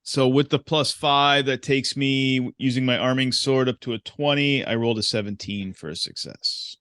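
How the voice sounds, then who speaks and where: A man's voice: medium pitch, fairly even intonation, normal speed, fairly bright tone, dry recording, studio quality. A man hosting a podcast, playing a tabletop game and counting out dice rolls aloud. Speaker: podcast host and player. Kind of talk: casual tabletop play.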